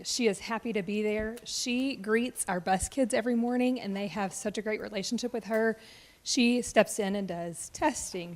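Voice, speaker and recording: A woman presenting a staff award at a board meeting, speaking with emotion and fillers like um and like. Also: fairly high pitch. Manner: heartfelt, close to tears, fillers like um and like. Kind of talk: public speech at a board meeting.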